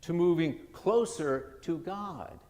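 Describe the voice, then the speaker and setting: A man's voice: fairly high pitch, takes it slowly, darkish tone. A male pastor giving a sermon in a conversational, loose way, often restarting his sentences. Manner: conversational, with frequent restarts and asides. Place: church sanctuary. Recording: long church reverb.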